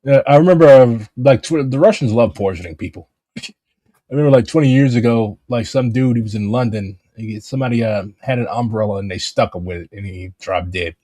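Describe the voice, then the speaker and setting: A man's voice: mid-range voice, fairly quick, dark tone, no echo. A man hosting a casual political chat, talking in a rambling, profane way with lots of fillers.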